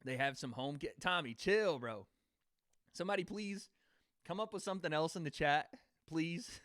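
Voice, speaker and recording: A man's voice: a little high, normal speed, a bit bright, dry recording, studio quality. A young man hosting a casual livestream, laughing and bantering with chat before giving fight predictions. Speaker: livestream host.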